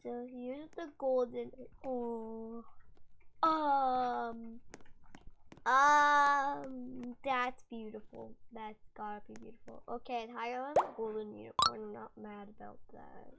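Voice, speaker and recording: A young woman commentating her gameplay with excitement, gushing and squealing over her finds. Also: a little high, slow pace, vocal fry, poor audio. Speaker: gaming vlogger.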